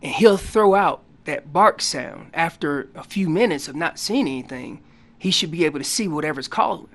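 A man guest on a radio show explaining hunting calls in a casual, animated way, acting out what the animals are saying. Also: on the high side, normal speed. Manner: loose casual grammar. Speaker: elk calling champion guest. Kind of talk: instructional radio interview.

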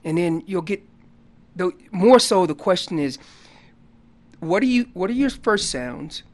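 A man guest on a radio talk show, explaining elk calling in an animated storytelling way that gets loud on key points. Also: high-pitched, measured pace. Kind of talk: casual radio interview.

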